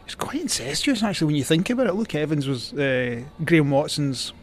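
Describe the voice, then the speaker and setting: A man's voice: on the high side, sing-song, fairly quick. A Scottish man, a cycling journalist, telling stories as a guest, rambling with many fillers and restarts. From Scotland. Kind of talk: casual storytelling.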